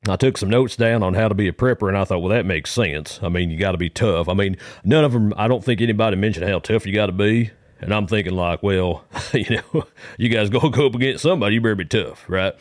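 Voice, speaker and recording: Low-voiced man, folksy rambling caller. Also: quick pace, no echo, clean studio sound. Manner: folksy, meandering, with rural grammar. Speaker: caller telling a story. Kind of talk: rambling comic monologue.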